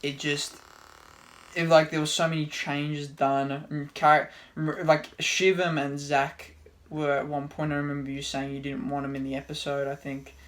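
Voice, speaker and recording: A man co-hosting a casual podcast, telling laid-back stories with loud quoted outbursts. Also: fairly high pitch, flat delivery, moderate pace. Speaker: podcast co-host. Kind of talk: casual chat.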